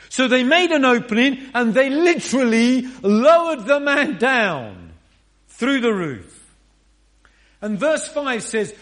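A man's voice: very high voice, a bit bright. A man preaching a sermon in an earnest, emphatic way, often asking rhetorical questions. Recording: roomy echo.

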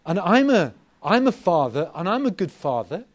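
A man's voice: sits high, big pitch swings, normal speed. A middle-aged man preaching a sermon to a gathering, with an emphatic delivery full of repetition.

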